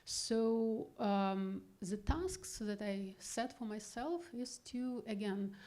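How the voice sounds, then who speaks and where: A woman's voice: mid-range voice, takes it slowly, mellow. A woman scholar giving an academic presentation at a panel in a gallery, thoughtful and hesitant as she searches for words. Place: gallery event hall.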